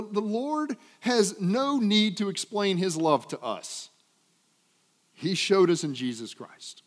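A man preaching a sermon with dynamic delivery, swinging from loud emphatic peaks to low trailing phrase ends. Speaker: pastor. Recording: long hall reverb.

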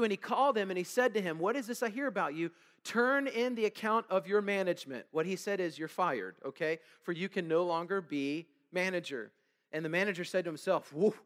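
High-voiced pastor in a reverberant hall. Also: male voice, fairly bright tone. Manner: conversational preaching with frequent "okay?" and "all right?" check-ins; reads scripture aloud and asks the congregation to fill in words. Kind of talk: sermon. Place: church sanctuary.

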